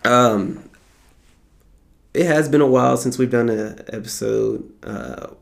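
Slow and gravelly, a medium-pitched male voice carries a casual, meandering podcast monologue. The host is a young American man, relaxed, joking and full of profanity.

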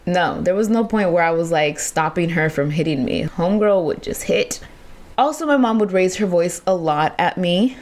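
A woman hosting a podcast, telling a personal story in casual, animated, profane talk with frequent laughter. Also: lowish voice, moderate pace. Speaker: podcast host.

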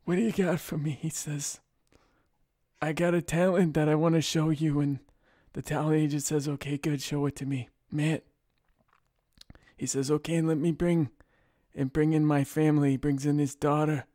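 A man's voice: on the high side, flat delivery, warm tone, no echo, studio quality, lightly acted. A man doing a brooding, mumbling old colonel. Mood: brooding deadpan. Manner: slow, mumbling, keeps repeating the listener's name. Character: brooding menacing older male army colonel. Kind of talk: comedic impression on a podcast.

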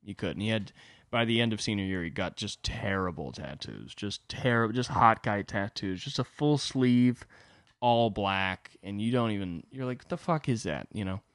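A young man hosts his own podcast, telling a comedic story full of profane, rambling asides. His voice sits fairly low but swings widely in pitch. The sound is close and dry. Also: lively intonation, moderate pace, dry recording. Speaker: podcast host.

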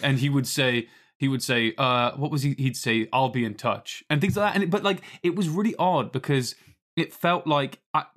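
A man's voice: mid-range voice, normal speed. Chatty man discussing films. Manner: animated, rambling, laughs often. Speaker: podcast co-host. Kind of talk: casual film chat.

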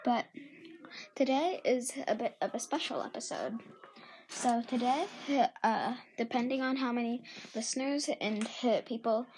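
A woman's voice: a little high, unhurried, a little mellow, slight background noise, rough recording. A woman hosting a casual podcast, rambling along with many fillers and restarts. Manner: partly whispered, ASMR-style. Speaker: podcast host.

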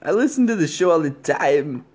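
A man voicing a rambling, tipsy middle-aged male caller in an improvised comedy podcast bit, drawling and loud. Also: on the high side, lively intonation, moderate pace, voice pushed up.

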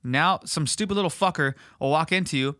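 A man hosting a podcast in casual, rambling chat, swearing heavily and animated. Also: a little high, a little fast, no echo, clean studio sound. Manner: profane, rambling, animated, filler words. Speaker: podcast host.

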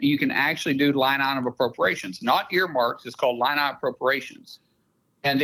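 A man's voice: medium pitch, a bit bright, slightly rough, poor audio. A man with an Oklahoma accent, a senator giving a casual radio interview and laying out emphatic, detailed explanations. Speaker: senator, guest.

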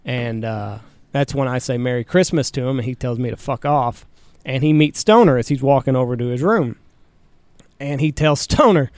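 A man co-hosts casually, rambling through a story full of fillers and swearing. His voice is smooth and resonant. It sits in the middle of the range, and the recording is dry and close. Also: medium pitch, normal speed, darkish tone, no echo. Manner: profane, rambling anecdote with frequent fillers. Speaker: co-host.

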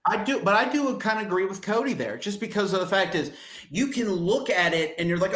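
Exasperated sports podcast guy, bright and echoey. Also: sits high, expressive, a little fast. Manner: heated, exasperated ranting with many restarts. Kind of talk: casual sports chat.

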